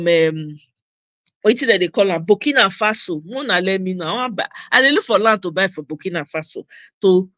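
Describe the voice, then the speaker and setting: A woman's voice: mid-range voice, sharp tone, no room sound. A Nigerian woman hosting a casual livestream chat, talking emphatically and mixing Pidgin with English. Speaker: host.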